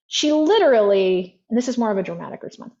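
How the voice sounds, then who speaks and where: A woman with a somewhat high voice talks through an example in a loose, chatty way, sprinkling in "like" often. The audio is dull and lo-fi, as over an online call. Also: expressive, fast, a little mellow. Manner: chatty, frequent "like" fillers. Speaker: guest therapy practitioner. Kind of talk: conversational storytelling.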